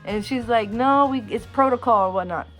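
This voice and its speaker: A woman chatting through a storytime vlog, her voice sitting a little high for a woman. She jumps into quoted lines with a lifted, animated voice. Soft music plays faintly underneath. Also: moderate pace. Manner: animated, acts out quotes in a raised voice. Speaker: storyteller vlogger. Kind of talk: casual storytime chat.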